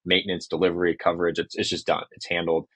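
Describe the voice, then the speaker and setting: Deep-voiced guy telling stories on a podcast, dry close mic, lots of ums and restarts. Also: quick pace, breathy edge, no room sound. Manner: lively storyteller, acts out quotes from customers; frequent fillers and restarts. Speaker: startup co-founder, podcast guest. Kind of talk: casual interview talk.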